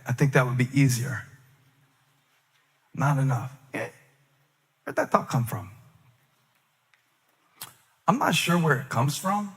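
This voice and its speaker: High-voiced preaching man in echoing hall. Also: a bit bright. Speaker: pastor. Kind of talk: sermon.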